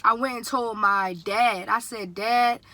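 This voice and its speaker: A young woman in her twenties tells a casual storytime to her viewers, chatty and animated. Her voice sits a little high and rings very bright and sharp. The sound is dry and close, with no room around it. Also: measured pace, dry recording. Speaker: vlogger.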